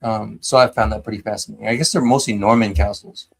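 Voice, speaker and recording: A man's voice: on the low side, fairly even intonation, fast, gravelly, a little hiss or hum. A man hosting a live stream in casual chat, often hesitating and restarting his sentences. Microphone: home streaming mic.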